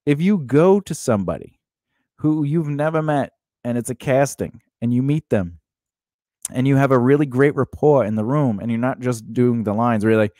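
A man's voice: medium pitch, moderate pace, no room sound. Guy giving career tips on a podcast, dry mic, acts out little scenes. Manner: animated, acts out quoted lines in changed voices. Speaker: podcast co-host. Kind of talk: casual advice chat.

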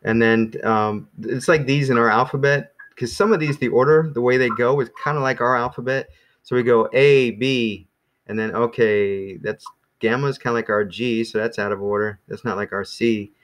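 A man teaching a small class in a relaxed, rambling way, with many ums and restarts. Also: mid-range voice, normal speed. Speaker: Greek teacher.

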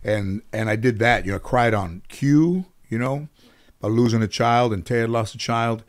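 Middle-aged male guest, casual rambling storyteller, mid-pitch voice. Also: normal speed. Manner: laid-back, rambling with frequent fillers.

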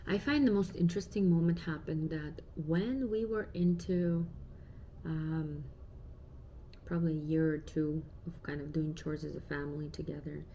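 Woman in her thirties, parent vlogger, mellow low voice, chatty and reflective, faint background hiss. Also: normal speed. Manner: chatty, reflective, uses many fillers. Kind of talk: casual talk to camera.

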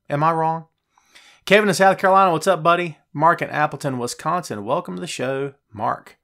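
Bright-voiced male live-stream host. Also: fairly high pitch. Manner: reads viewer names and gives shout-outs. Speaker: podcast host. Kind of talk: casual live-stream chat.

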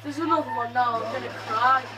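A woman playing a co-op shooter with a friend, excitable, shouting, chanting and swearing as she plays. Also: a little high, fairly quick, recorded from a distance, loud music behind the voice. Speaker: gamer. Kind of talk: co-op gameplay banter.

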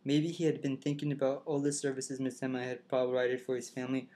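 A man's voice: medium pitch, monotone, brisk, mellow. A man reads a novel aloud in the first person with a mid-range voice. He stumbles, restarts words and rereads lines, breaking off now and then to comment on the passage. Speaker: reader.

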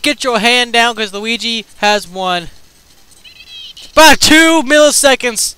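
A young man giving loud, teasing commentary while playing a party video game, breaking into sudden shouts. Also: extremely high pitch, slow pace, clean tone, poor audio. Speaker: let's play commentator. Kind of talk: excited gameplay commentary.

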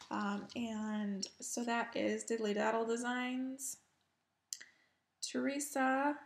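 A woman hosting a cross-stitch video, chatting casually while she shows off her crafts, chatty and self-deprecating, with soft laughs. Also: fairly high pitch, gravelly, a little hiss or hum. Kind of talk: casual show-and-tell chat.

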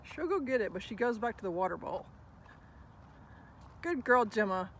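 Woman, casual vlog chat, outdoors, action camera, faint background noise, mid pitch. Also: big pitch swings, fast talker. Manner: chatty, praises her dogs in a high sing-song. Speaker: dog vlogger. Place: outdoor dog park.

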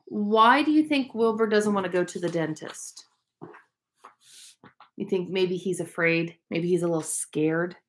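A woman reads a picture book to preschoolers at a very slow, unhurried pace. Her voice sits a little low, and she pauses to ask the children gentle questions. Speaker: preschool teacher.

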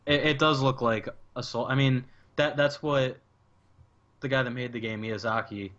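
A young man co-hosting a casual gaming podcast, speaking in a relaxed way with frequent hesitant restarts. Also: mid-range voice, moderate pace. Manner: hesitant restarts, relaxed, enthusiastic about discovery. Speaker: podcast co-host. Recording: slightly dull, lo-fi sound.

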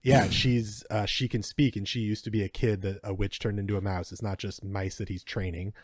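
Relaxed male co-host, lowish voice, wry asides, dry sound. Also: brisk, no room sound. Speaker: podcast co-host. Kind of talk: casual podcast chat.

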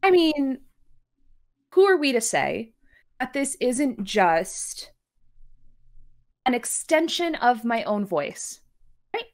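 A calm young adventurer who hears a voice, as a woman puts her on at a tabletop game. She speaks softly and without worry, in lively, swooping tones, and takes her time over each line. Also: on the high side, slow, pauses often, heavily acted. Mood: wry. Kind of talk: tabletop role-play.

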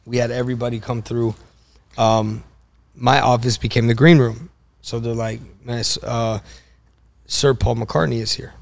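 A man's voice: mid-range voice, moderate pace, gravelly. A man on a podcast, a guest telling stories casually and acting out the lines of the people in them. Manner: animated storyteller, acts out quoted dialogue. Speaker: guest, car broker.

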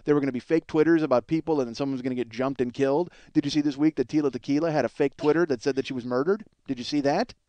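A man's voice: mid-range voice, very fast, few pauses, dark tone, no echo, lo-fi sound. A man hosting his own podcast, delivering a profane, rambling comedic monologue that mocks himself as much as anyone. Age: middle-aged. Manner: profane, ranting, self-mocking. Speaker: podcast host.

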